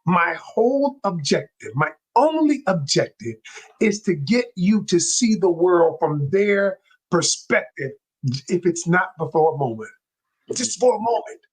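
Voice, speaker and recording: This is a man speaking as a relationship coach in an interview. He talks with excitable energy and a lively, swooping pitch. His slightly raspy voice sits high, and his loose, colloquial delivery keeps circling back to restart phrases. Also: unhurried. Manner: animated and excitable. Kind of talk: interview guest.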